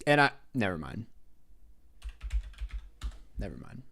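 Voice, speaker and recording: A man's voice: lowish voice, sing-song, slow pace, gravelly, sharp tone. A young man streaming live, muttering, swearing at himself while he plays and answering chat offhand. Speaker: livestreamer. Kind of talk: live-stream game commentary.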